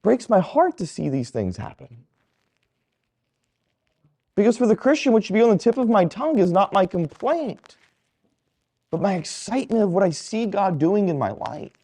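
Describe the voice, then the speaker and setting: Priest, male, delivering a homily; storyteller who swoops through his pitch and does the voices of the people in his anecdotes. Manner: animated storytelling, acting out quoted people. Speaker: Catholic priest.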